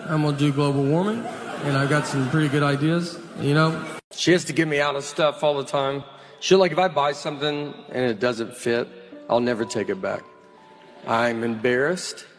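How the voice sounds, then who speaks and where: A middle-aged man with a Southern American accent doing stand-up comedy on stage, rambling through self-deprecating stories in a deadpan way. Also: fairly high pitch. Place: stage before a laughing crowd. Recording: live audience laughter and noise.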